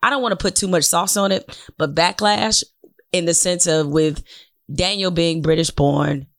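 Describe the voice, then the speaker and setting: A woman's voice: lowish voice, moderate pace, fairly bright tone, dry recording, clean studio sound. A woman from Detroit hosting a podcast interview, talking bluntly and emphatically and swearing freely. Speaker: podcast host. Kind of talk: casual conversational interview.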